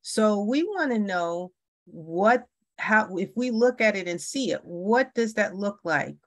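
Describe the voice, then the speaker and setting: Halting woman leading a parent workshop. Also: mid-range voice, animated, no room sound. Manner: hesitant, many restarts and fillers. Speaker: workshop facilitator.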